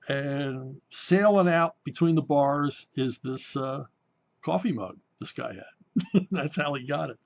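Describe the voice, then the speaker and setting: A comic book writer from Pennsylvania, telling anecdotes in a casual talk show and briefly acting out the people in them. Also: male voice, on the high side, normal speed. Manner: animated anecdotes, voices the people in his stories. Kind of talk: casual storytelling.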